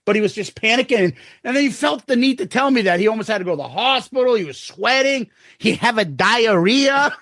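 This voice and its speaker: A man's voice: very high voice, animated, a little fast, few pauses, a bit bright, no room sound, studio quality. A man co-hosting a podcast, telling crude stories in casual banter and laughing often. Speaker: podcast co-host.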